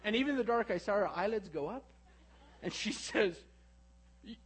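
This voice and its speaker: A middle-aged man preaching a sermon, telling a personal story that swings from hushed reflection to animated retelling. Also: sits high, a little fast, husky, poor audio.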